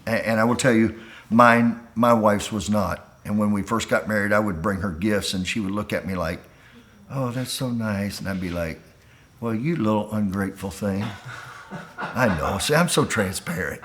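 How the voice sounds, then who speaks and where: A pastor preaching to men on a call, pleading and impassioned, dropping quiet and then rising to a near shout. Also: male voice, lowish voice, moderate pace, slight background noise.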